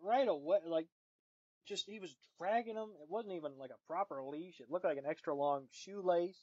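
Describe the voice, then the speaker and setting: A man co-hosting a podcast, trading dry, deadpan jokes and dropping casual swears. The sound is very dry with no room, and a little dull and lo-fi. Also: high-pitched, normal speed, no room sound. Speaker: podcast co-host. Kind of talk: casual chat recapping an episode.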